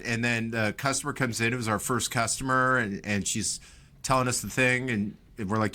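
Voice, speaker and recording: Male podcast host, mid-pitch, animated storyteller who acts out quotes, casual. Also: a little fast.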